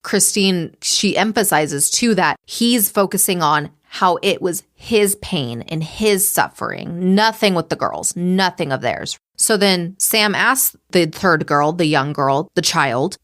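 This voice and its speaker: A woman with a fairly low voice recaps a documentary on a casual podcast. She is blunt and swears a lot. She drops into quoted lines as she retells the scenes. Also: animated, unhurried, few pauses, fairly bright tone.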